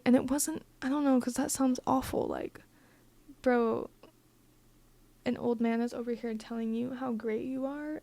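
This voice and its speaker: A young woman with a fairly high but flat, monotone voice tells a personal story to camera. Her tone is mellow and the sound is dry and close. She talks bluntly, swears freely and peppers her speech with "like". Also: no room sound. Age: young adult. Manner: blunt, profane and emphatic, with many filler "like"s. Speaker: vlogger. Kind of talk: casual storytime monologue.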